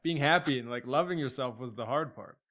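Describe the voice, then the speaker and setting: A man hosting a casual podcast interview, relaxed, mostly listening with short murmurs. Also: medium pitch, a little fast. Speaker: podcast host.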